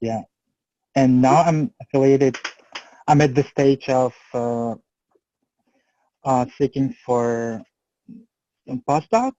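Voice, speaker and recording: A man introducing himself on a video call, halting with fillers and restarts. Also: medium pitch, fairly even intonation, mellow, dry recording. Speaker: researcher seeking a postdoc. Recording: dry, dull lo-fi call audio.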